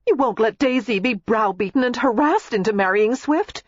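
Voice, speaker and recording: A reader voicing a fretful, outspoken young pregnant wife who exclaims impatiently, in a husky voice. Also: female voice, a little high, animated, normal speed, dry recording, highs cut off, pitched above the performer's own voice. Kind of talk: audiobook character voice.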